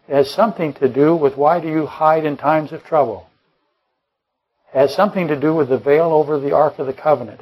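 A man's voice: fairly high pitch, a little mellow, poor audio. A man preaching a Bible-study sermon, rambling and correcting himself mid-sentence, firing off rhetorical questions and dropping joking asides. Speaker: pastor.

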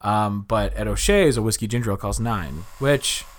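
A man's voice: lowish voice, moderate pace. A young man from Chicago, hosting a podcast and telling a rambling story with many fillers and restarts. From Chicago, USA. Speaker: podcast host. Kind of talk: casual storytelling chat.

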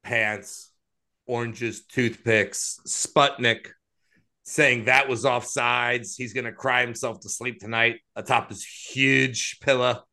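Bright-voiced joking podcast man. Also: mid-range voice, fairly even intonation. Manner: quick, jokey, teasing. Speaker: podcast co-host. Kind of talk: casual banter.

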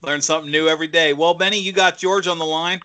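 A man hosting a talk show, halting and full of fillers. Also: fairly high pitch, fairly even intonation, pushed and bright. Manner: hesitant, many fillers. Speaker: host. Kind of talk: casual radio chat.

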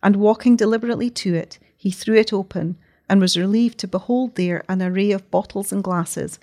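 Woman reading a story aloud, measured. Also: mid-range voice, dark tone. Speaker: narrator. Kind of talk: audiobook narration.

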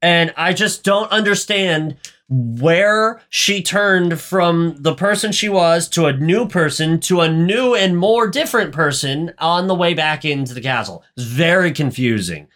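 A man's voice: on the high side, expressive, a little slow, hardly any pauses, a bit bright. A young man casually recapping a movie, rambling and joking crudely with lots of fillers. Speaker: podcast co-host.

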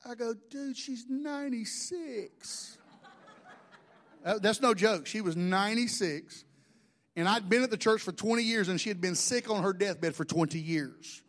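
High-voiced joking pastor. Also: male voice, normal speed, a bit bright. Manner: folksy, joking storytelling preacher. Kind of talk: sermon.

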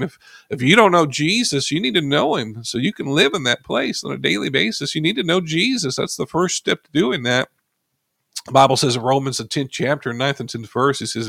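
A man's voice: mid-range voice, fairly quick, creaky, a bit bright, no echo, studio quality. A man preaching a sermon, reading scripture aloud and leading his listeners in prayer.

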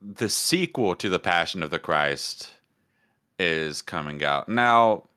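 A man's voice: low-pitched, expressive, slow pace, pushed and bright, smooth. A man co-hosting a podcast in casual comedic chat, joking and riffing on silly bits. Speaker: podcast co-host.

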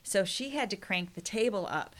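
A woman's voice: mid-range voice, expressive, moderate pace. A middle-aged woman, a podcast guest, earnestly retelling a personal story with emotion and quoted prayers.

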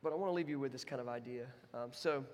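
A man's voice: medium pitch, quick pace, darkish tone. A young adult man preaching a sermon as pastor, conversational and storytelling, swinging into voiced quotes. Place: church sanctuary. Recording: long hall reverb.

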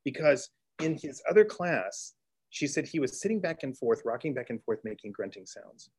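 A middle-aged man from Texas, a teacher telling a classroom story in an interview, earnest, with restarts and excited bursts. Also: mid-range voice, normal speed, slightly rough. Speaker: teacher and author guest. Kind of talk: storytelling in conversation.

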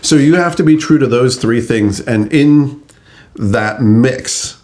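A man's voice: mid-range voice, slow pace, darkish tone, a little hiss or hum. A man co-hosting a podcast, talking in a loose, chuckly way and correcting himself as he goes. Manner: conversational, chuckly, self-correcting. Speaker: podcast co-host. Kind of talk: casual chat.

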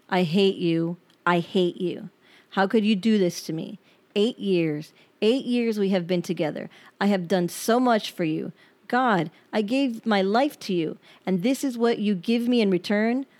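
A woman's voice: mid-range voice, a little mellow. A woman hosting her own podcast, talking in a candid, reflective and rambling way. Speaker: podcast host. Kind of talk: personal podcast monologue.

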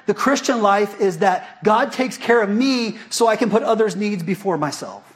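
In a high, husky voice at normal speed, a pastor preaches with lively, conversational energy. Rhetorical questions come up again and again as he speaks to the congregation.

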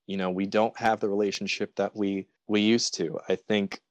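An earnest man speaks as a guest on a casual podcast, picking his words slowly in short, halting phrases. His voice sits fairly low. The sound is dry and close. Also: flat delivery, dry recording, highs cut off. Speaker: podcast guest, actor and writer.

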